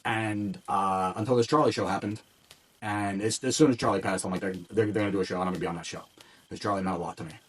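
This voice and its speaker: A man who works as a wrestling ring announcer, a guest on an interview podcast, telling stories in a casual, animated way, acting out quotes and restarting often. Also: on the low side, breathy edge, far from the mic. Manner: animated storytelling with quick restarts and acted-out quotes.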